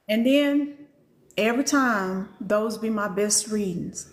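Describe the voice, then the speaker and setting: A woman's voice: medium pitch, takes it slowly, a little hiss or hum. An older woman teaching as a spiritual reader on a live stream. She speaks bluntly and animatedly, swears freely, and laughs often.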